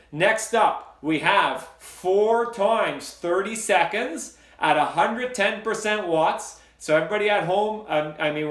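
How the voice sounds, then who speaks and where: A man with a fairly high voice coaches an indoor cycling workout. He counts down each interval and repeats short, upbeat cues. The sound is roomy, with a clear echo around him. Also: a bit bright.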